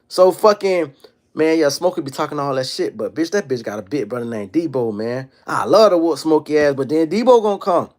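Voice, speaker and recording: A man in his thirties hosting a casual livestream monologue, telling stories in an animated, profane street style. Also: on the high side, a little fast. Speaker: livestream host.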